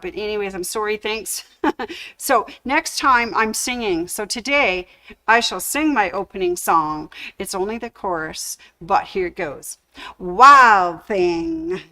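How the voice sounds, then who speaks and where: Through a low-quality recording, a woman's mid-range, fairly bright voice carries a casual fabric store livestream product showcase. She's chatty and keeps cracking corny puns.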